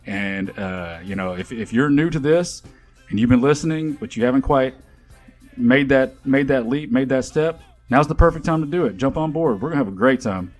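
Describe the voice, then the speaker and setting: A man's voice: mid-range voice, normal speed, soft background music. A man co-hosting a podcast, talking in an eager, joking, casual way. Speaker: podcast co-host.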